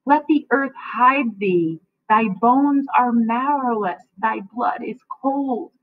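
Macbeth, a frantic haunted king, as a woman reads him. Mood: raging. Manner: reads the verse slowly, rising in pitch and loudness. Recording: dry, tinny phone-like sound.

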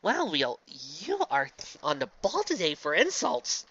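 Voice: medium pitch, wildly swooping pitch, measured pace, creaky, bright, forceful tone, breathy edge, highs cut off. A fanfiction reader from the Southern United States, reading a story aloud with sarcastic, exasperated asides. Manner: sarcastic, exasperated, jumps between reading and ranting.

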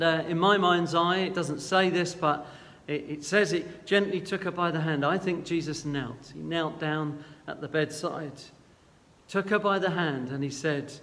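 A man preaching a sermon as a guest, retelling a Bible story in an earnest, gentle and halting way. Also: a little high, long reverb tail.

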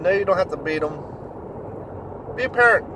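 A man telling a story in a blunt, profane rant, getting louder when indignant. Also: high voice, expressive, moderate pace, noisy background. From Kentucky, USA. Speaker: vlogger. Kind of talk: ranting storytelling monologue.

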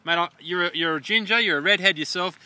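A man's voice: high voice, fast talker, bright, forceful tone, dry recording. An Australian man co-hosting a jokey sports show outdoors at a stadium, with a mock-formal presenter patter. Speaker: co-host.

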